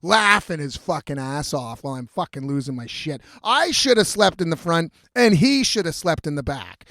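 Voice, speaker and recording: A man's voice: a little high, lively intonation, moderate pace, fairly bright tone, dry recording, studio quality. A man hosting a podcast, telling a story in a profane, exasperated rant. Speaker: podcast host. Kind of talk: comedic storytelling.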